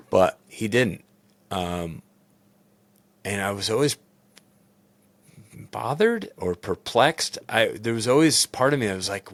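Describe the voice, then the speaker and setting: A man, a baseball coach and podcast host, talking candidly and in a rambling, self-critical way in a loud booming voice. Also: lively intonation, slow pace, long pauses, no echo. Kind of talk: personal reflective podcast talk.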